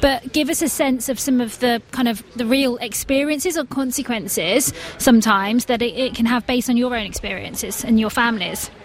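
A woman hosting a radio discussion, briskly prompting guests. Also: fairly high pitch. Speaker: radio host.

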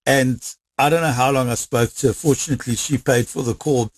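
A man with a South African accent tells a story in a lively way, acting out the lines of the people he quotes. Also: mid-range voice, brisk, dry recording. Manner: lively, acts out quoted dialogue. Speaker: interviewee. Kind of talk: animated storytelling.

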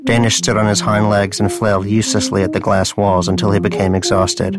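A man reading a story aloud in a dry, deadpan narrating style. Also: fairly low pitch, brisk, loud music behind the voice. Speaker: audiobook narrator. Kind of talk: scripted narration.

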